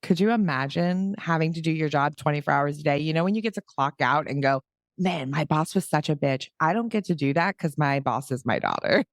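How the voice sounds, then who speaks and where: Animated low-voiced woman. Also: fairly quick, hardly any pauses, no echo, studio quality. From New Jersey, USA. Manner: animated, acts out quoted voices. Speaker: podcast host. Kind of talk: casual chat.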